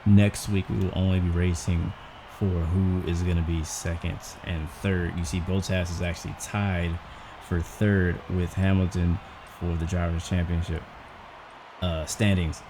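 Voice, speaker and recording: A man hosting a gaming channel, talking out loud in casual gameplay commentary, out of breath and rambling as he works things through. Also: low-pitched, flat delivery, unhurried, noisy background. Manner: chatty, thinking out loud, rambling.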